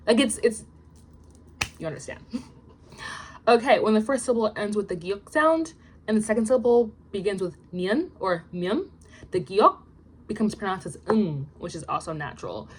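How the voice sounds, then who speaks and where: Young woman, casual study vlog, chatty, self-deprecating, quiet trailing asides. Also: medium pitch. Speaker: language learner vlogger. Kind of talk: casual study vlog, reading rules aloud.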